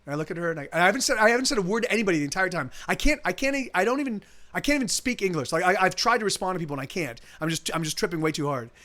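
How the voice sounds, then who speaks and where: A man's voice: sits high, animated, very fast, pushed and bright. A male musician streaming live, telling a rambling, casual story full of restarts and swearing, with faint guitar behind.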